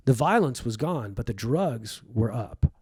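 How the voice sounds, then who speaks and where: This is a guest comedian from Egypt, animated and a little slow, with a medium-pitched voice that's a little mellow and slightly rough. He spins vivid childhood stories in conversation, performing the voices of the people in them, with no echo around him.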